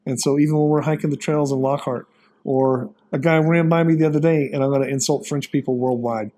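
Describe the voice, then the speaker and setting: Speaking a little fast with a steady, warm tone at medium pitch, a man from Texas in his 50s sits as a guest in a relaxed chat. His storytelling is folksy and meandering, heavy with fillers.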